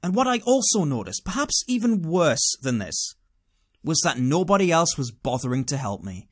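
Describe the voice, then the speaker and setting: A British man tells a personal story to camera, sardonic and animated. His voice sits somewhat high for a man and swings widely up and down as he dramatizes each moment. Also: normal speed, husky. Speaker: vlogger. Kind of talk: casual storytelling monologue.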